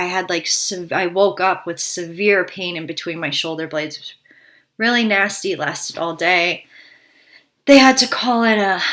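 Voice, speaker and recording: This health vlogger has a medium-pitched voice with a sharp edge. She shares a casual update on her own health with viewers, sounding frank and anxious, a bit breathless, and often starting her sentences over.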